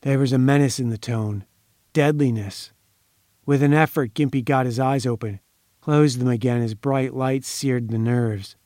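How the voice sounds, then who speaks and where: A man reading a crime story aloud in measured, dramatic audiobook narration. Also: medium pitch, fairly even intonation, darkish tone, no room sound, studio quality.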